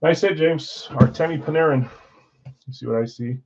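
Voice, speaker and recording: A man's voice: a little high, normal speed, darkish tone, dull audio, slight background noise. A man hosting a live sports card break stream, chatting casually with viewers while he opens packs.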